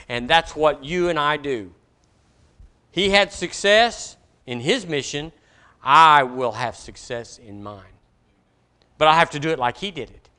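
Emphatic preacher man with bright voice. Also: a little high. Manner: emphatic preaching, rising and dropping to soft asides. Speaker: pastor. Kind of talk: sermon.

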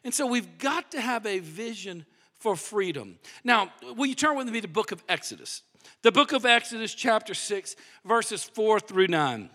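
A man preaching a sermon in a lively, animated way, dropping to hushed emphasis at times. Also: high-pitched, moderate pace. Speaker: pastor. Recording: long hall reverb.

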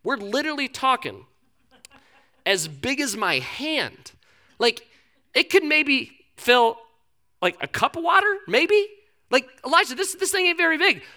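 A man's voice: extremely high pitch, sing-song, slow, long pauses, pushed and bright, full character voice. A man putting on a fed-up, whiny servant. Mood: incredulous. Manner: whiny, incredulous complaining. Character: exasperated, weary male servant running errands.

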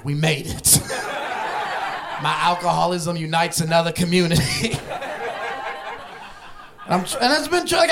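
A young man from Ohio performs a stand-up comedy set in a high voice, speaking loosely and laughing as he goes. It's recorded live in a club, so the background is noisy with audience laughter.

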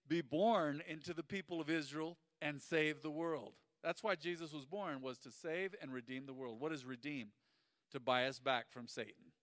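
Animated preacher man in a reverberant hall. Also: on the high side, studio quality. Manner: animated storytelling preacher, swings from loud to hushed. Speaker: pastor. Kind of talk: sermon.

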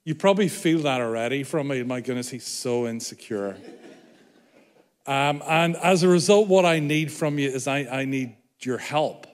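A man's voice: a little high, moderate pace, few pauses. A man from Ireland with an Irish accent, preaching a sermon as a guest speaker in a chatty, self-deprecating, joking way. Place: large church hall. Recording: long hall reverb.

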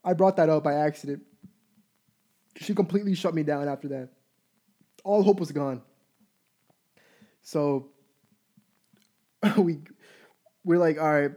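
Slightly high-voiced young man telling stories. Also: unhurried, pauses often. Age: 20s. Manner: candid, profane, animated anecdote. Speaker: storyteller. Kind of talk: casual storytelling.

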